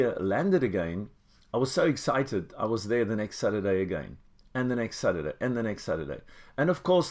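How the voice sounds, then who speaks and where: Older man reminiscing casually. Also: medium pitch. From Germany. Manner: relaxed, reminiscing, with pauses and fillers. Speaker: host. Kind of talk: casual storytelling to camera.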